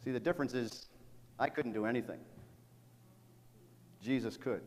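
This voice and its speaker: In a church sanctuary, the long reverb of a large hall carries the mid-range, slightly mellow voice of a middle-aged male pastor, with slight background noise. He preaches at a moderate pace, telling a story earnestly and often repeating words.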